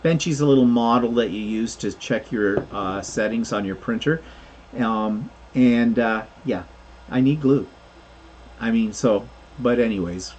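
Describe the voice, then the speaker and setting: A man's voice: medium pitch, measured pace, darkish tone, lo-fi sound, a little hiss or hum. A man co-hosting a casual crafting livestream, rambling through explanations of his 3D printing projects with plenty of fillers.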